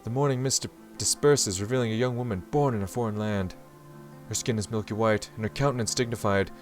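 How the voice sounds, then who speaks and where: Guy reading as a fussy formal young samurai dude, kinda low voice, formal and flustered. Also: brisk, faint music behind, natural voice. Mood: earnest. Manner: reads stiff, formal inner monologue aloud. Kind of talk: reading a visual novel aloud while playing.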